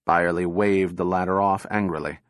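A man narrating an audiobook in a steady, measured reading voice. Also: low-pitched, no room sound, clean studio sound.

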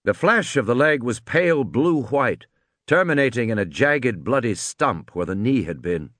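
Male audiobook narrator, dramatic, expressive pitch, dry close recording. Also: normal speed, no room sound. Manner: tense, dramatic storytelling.

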